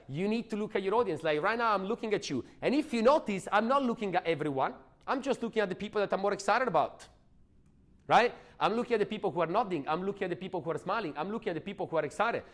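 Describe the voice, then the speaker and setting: Give me an energetic man with a fairly high voice, coaching a room on sales with emphatic delivery. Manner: energetic, emphatic, asks audience questions. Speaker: sales trainer. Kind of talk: motivational training talk.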